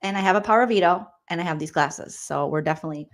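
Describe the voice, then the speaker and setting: A woman in her forties hosting a casual comedic recap of a reality show, reading viewer comments and making quick, joking asides. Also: fairly low pitch. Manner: chatty, jokey, quick asides and mock voices.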